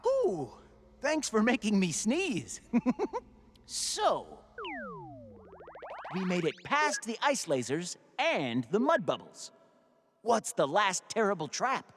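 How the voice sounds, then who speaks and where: A happy kids cartoon robot, high and singsong, talks slow and eager. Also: male voice, huge pitch swings, fairly bright tone, breathy edge, long reverb tail, exaggerated voice. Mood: cheerful. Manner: eagerly instructs and encourages. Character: cheerful male cartoon robot helper. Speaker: robot sidekick. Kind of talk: children's cartoon voice acting.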